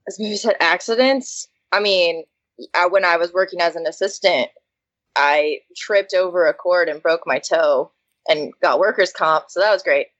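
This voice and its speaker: A woman's voice: lowish voice, moderate pace, fairly bright tone, no room sound. A woman in casual chat, chatty and often laughing. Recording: dry muffled sound.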